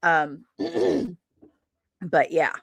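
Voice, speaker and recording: A woman's voice: low-pitched, expressive, very slow, breathy edge, no room sound, studio quality. A woman hosting a livestream in a rambling, chatty way, tired after a long day of travel and laughing often. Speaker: livestream host. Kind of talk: casual chatty stream talk.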